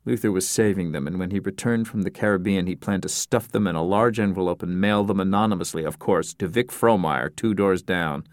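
A man narrating an audiobook in an even, measured storytelling manner. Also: deep voice, dry recording, clean studio sound. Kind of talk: scripted narration.

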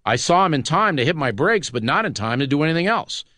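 A man's voice: a little high, very animated, fast talker, bright, forceful tone, dry recording, clean studio sound. A man reading the words of a shaken young army private who drove the car, giving plain, matter-of-fact testimony in an audiobook.

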